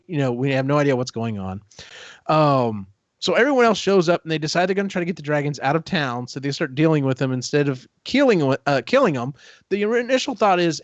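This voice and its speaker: On a dull, dry lo-fi podcast recording with no echo, a man with a higher-than-average voice retells a book. His recap rambles casually, broken up by brief performances of the characters' lines.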